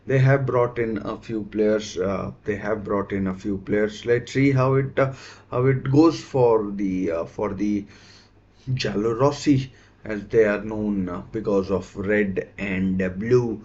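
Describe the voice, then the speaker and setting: A man's voice: on the low side, fairly even intonation, takes it slowly, a little mellow, highs cut off. A man hosting a live football watchalong stream, talking casually with many fillers and self-corrections.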